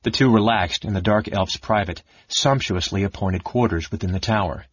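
A man narrating a fantasy audiobook with a steady storytelling delivery. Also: on the low side, moderate pace. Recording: dull, dry lo-fi audiobook recording.

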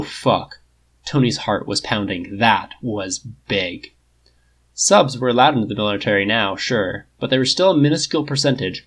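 A man reading a fan fiction story aloud in an even, plain storytelling manner. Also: fairly low pitch, slightly rough. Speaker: audiobook reader.

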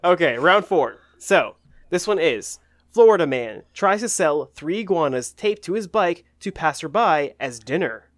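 A mid-pitched man on a comedy podcast, calmly introducing a segment and reading entries with a deadpan edge. His voice is close and dry, with no room sound. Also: measured pace, no echo. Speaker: podcast co-host. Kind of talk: casual comedic chat.

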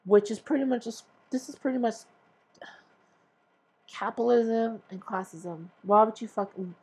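A woman's voice: fairly high pitch, moderate pace, a little mellow, husky, low-quality recording. A woman hosting her own podcast, ranting in a profane, exasperated and sarcastic way. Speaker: podcast host. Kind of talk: casual ranting monologue.

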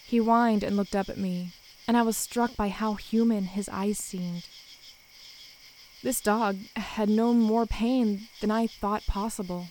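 Woman narrator, mid-pitched voice, steady and measured, for a first-person horror tale. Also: a little hiss or hum, poor audio.

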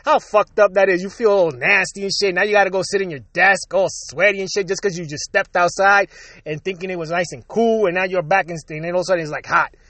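A man's voice: high-pitched, steady tone, fast, a bit bright, dry recording. A man from Puerto Rico hosting his own show, ranting casually and profanely and laughing between lines. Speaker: podcast host. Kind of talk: casual solo rant.

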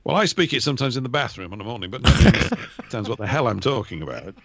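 A man talking as a regular guest on a radio show in a casual, fast, rambling way, calling in over a remote line. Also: mid-range voice, dry recording. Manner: fast, rambling, animated talker. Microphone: remote call line.

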